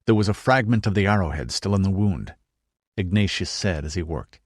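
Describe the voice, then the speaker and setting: A man reads an audiobook in a low, measured voice. The recording is dry and close, with no room sound. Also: animated, no echo. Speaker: audiobook narrator. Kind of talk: scripted narration.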